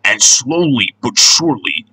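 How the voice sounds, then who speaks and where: Bright, expressive male storyteller. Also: mid-range voice, unhurried, breathy edge, poor audio. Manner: expressive, lively reading. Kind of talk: storybook narration.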